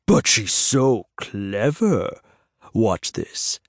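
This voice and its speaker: A man's voice: lowish voice, very animated, extremely slow, dry recording, clean studio sound, heavily acted. A man voicing a playful, smug male dragon seer in human form, teasing and sweetly mocking. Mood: gleeful.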